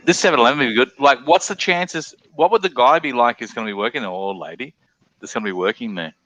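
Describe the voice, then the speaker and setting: A man's voice: mid-range voice, racing. An Australian man hosting a live panel stream, chatting casually with lots of swearing and jokes. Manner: swearing, animated, jokey. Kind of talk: casual chat. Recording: dull lo-fi stream audio with faint noise.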